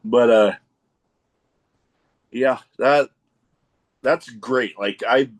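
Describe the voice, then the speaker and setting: A man hosting a podcast, telling stories with excitement and often restarting his phrases. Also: mid-range voice, drawn-out words. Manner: excitable storyteller, repeats starts of phrases. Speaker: podcast host. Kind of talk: casual chat.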